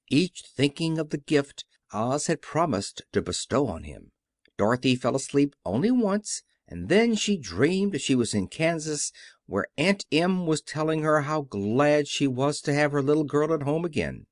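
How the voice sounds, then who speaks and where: A man narrating a classic children's story as an audiobook with expressive storytelling. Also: fairly high pitch, unhurried, dry recording, studio quality. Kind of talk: scripted narration.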